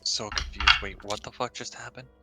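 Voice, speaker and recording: A man's voice: fairly low pitch, steady tone, moderate pace, sharp tone, faint music behind. A man playing a tabletop game, chatting casually and wryly. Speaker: player.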